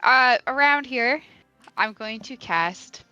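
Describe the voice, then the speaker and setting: A woman's voice: fairly high pitch, expressive, slow, sharp tone, clean tone, no echo, muffled recording, faint music behind. A woman playing a tabletop game, giggling and hesitating as she describes her moves. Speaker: player.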